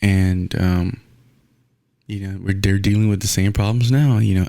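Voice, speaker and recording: A man's voice: sits low, fairly even intonation, moderate pace, vocal fry, mellow, dry recording, clean studio sound. A young man hosting his own podcast, ranting bluntly and profanely in a casual solo sports talk. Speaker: podcast host.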